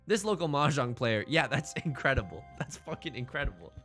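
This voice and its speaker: A man's voice: mid-range voice, big pitch swings, fairly quick, a bit bright, soft background music. A man putting on a hammy newsreader voice, playing a mock British TV news reporter. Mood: mock-serious. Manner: hammy newsreader delivery, self-mocking.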